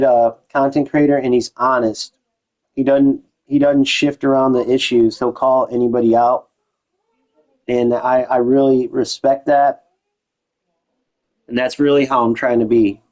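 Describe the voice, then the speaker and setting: A man's voice: medium pitch, a little mellow, low-quality recording. A young man streaming a football video game, chatting loosely to his live chat, with casual slang and frequent restarts.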